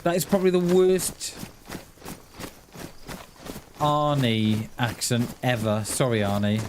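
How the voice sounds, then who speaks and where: A man's voice: medium pitch, animated, slow. A man streaming a survival game, chatting casually and answering his viewers, calling them mate and dude. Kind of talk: casual live-stream chat. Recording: clear game noise behind the voice.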